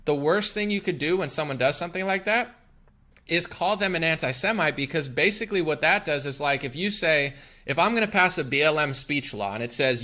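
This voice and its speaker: A man's voice: on the high side, lively intonation, fairly quick, sharp tone. A man hosting a political commentary podcast, talking in a combative, emphatic rant. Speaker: podcast host.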